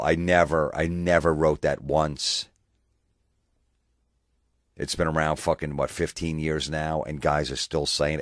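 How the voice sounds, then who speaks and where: A man's voice: a bass voice, steady tone, unhurried, no echo, clean studio sound. A man hosting a podcast, ranting in a profane, sarcastic way and mocking people in put-on voices. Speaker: podcast host. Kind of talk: comedic rant.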